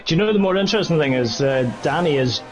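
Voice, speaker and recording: A man's voice: fairly high pitch, lively intonation, fast, a little hiss or hum. A man chatting casually while he drives in an online race, playful and joking with the commentator. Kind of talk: casual chat while racing.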